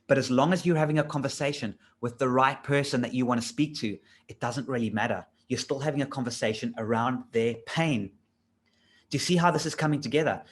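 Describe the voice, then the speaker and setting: Enthusiastic man coaching in casual talk. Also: medium pitch. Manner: enthusiastic, conversational, pushes points with rhetorical questions. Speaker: LinkedIn trainer.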